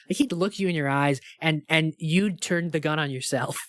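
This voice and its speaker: A young man co-hosting a podcast in casual chat, rambling with lots of fillers and quick impressions. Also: on the high side, a bit bright, no echo, studio quality. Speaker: podcast co-host.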